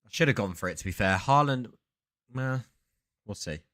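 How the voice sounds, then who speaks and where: A man with a fairly low voice hosts a relaxed live stream. He talks to the viewers in a loose, meandering way. He often breaks off mid-sentence to start over or spin a story. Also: moderate pace. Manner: rambling, self-interrupting storyteller. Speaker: sports card streamer. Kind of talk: casual live-stream chat.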